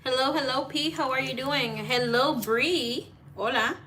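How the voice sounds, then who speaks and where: Her voice high and sharp, a woman doing tarot readings talks to her live-stream audience at an unhurried pace, recorded on a phone with a touch of hiss. She curses casually, welcomes viewers by name, and drops in greetings in Spanish.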